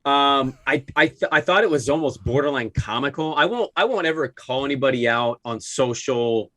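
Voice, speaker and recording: A man of middle pitch co-hosting a casual sports podcast. He talks in an emphatic, opinionated way. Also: normal speed, bright, forceful tone. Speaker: podcast co-host and radio host.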